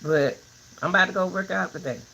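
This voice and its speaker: An older woman talking casually to her viewers in a vlog, giving folksy, preachy advice in an animated way. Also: on the low side, a little fast, vocal fry, slight background noise, poor audio. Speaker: vlogger.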